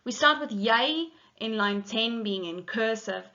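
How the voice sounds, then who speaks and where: A woman's voice: on the high side, animated, unhurried, bright, forceful tone, highs cut off. A middle-aged woman teacher, explaining a poem line by line in a methodical way with frequent ums. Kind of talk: poetry lesson.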